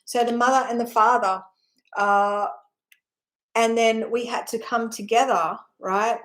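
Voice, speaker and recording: A woman's voice: fairly high pitch, fairly even intonation, unhurried, a bit bright. A woman giving a personal spiritual talk, telling her story in a heartfelt, rambling way with sighs, often checking in with "right?". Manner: earnest, emotional storytelling with sighs. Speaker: spiritual teacher.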